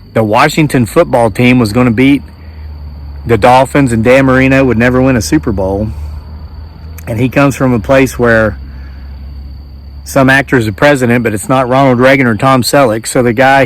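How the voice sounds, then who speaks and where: A man in his forties with an Appalachian American accent, telling a story in a casual, animated way. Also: mid-range voice, moderate pace. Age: 40s. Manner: animated, acts out voices in quotes. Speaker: homesteading vlogger.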